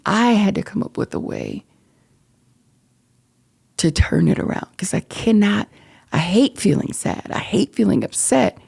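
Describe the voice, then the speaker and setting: A middle-aged woman with a dark, gravelly, husky voice. She talks in an earnest, reflective way as host of her own podcast, often sinking into near-whispers. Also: low-pitched. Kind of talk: personal reflective monologue.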